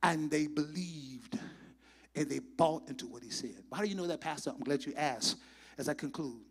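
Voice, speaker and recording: A high-pitched male pastor with a gravelly, husky edge to his voice delivers a sermon in a church. He swings between shouted, fervent passages and quiet, near-whispered asides. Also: normal speed. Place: church sanctuary.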